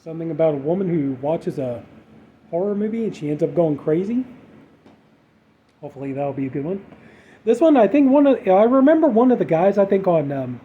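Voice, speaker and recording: A man casually chatting through his horror movie haul, rambling with lots of fillers. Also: sits high. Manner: rambling, filler-heavy, relaxed. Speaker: horror collector showing a haul. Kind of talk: casual unboxing chat. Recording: dull lo-fi audio with faint background noise.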